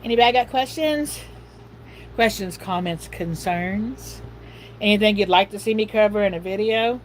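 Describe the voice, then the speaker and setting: A middle-aged woman chats on her livestream in a folksy, rambling way. Her voice sits in an ordinary middle pitch. A faint hum of noise runs behind her. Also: normal speed, low-quality recording. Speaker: livestream host. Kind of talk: casual livestream chat.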